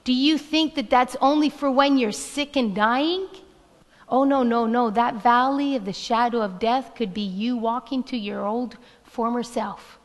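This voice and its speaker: A middle-aged woman pastor delivers a sermon in a high, unhurried voice, repeating scripture with emphasis. Her words ring through a reverberant church hall while a band plays softly behind her. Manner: reads scripture slowly and emphatically, repeating lines. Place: church sanctuary. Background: worship band music.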